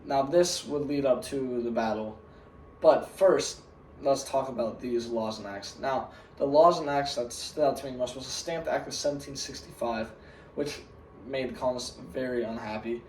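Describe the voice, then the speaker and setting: A man's voice: medium pitch, moderate pace, darkish tone, slight background noise. A man giving a school history presentation as a pretend museum guide, earnest and starting sentence after sentence with "now". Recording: roomy sound from a distant mic.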